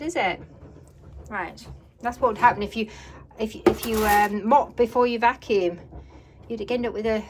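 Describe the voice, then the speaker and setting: A woman from England chatting to viewers as she cleans her farmhouse, slightly out of breath and hoarse from talking. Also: a little high, background noise. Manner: chatty, talks to viewers while working, trails off and restarts. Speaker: cleaning vlogger. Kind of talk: casual chat while cleaning. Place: farmhouse kitchen and utility room, indoors.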